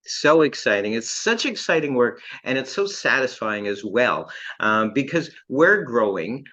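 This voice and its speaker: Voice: mid-range voice, sing-song, unhurried, pushed and bright. An interview host giving enthusiastic, affirming agreement. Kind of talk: conversational interview. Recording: dull lo-fi sound.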